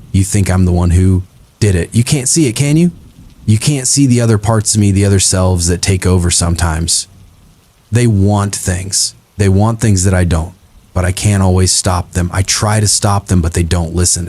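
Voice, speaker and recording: A man reading first-person horror stories as a narrator, in a slow, brooding, confessional delivery. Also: low voice, darkish tone, no echo.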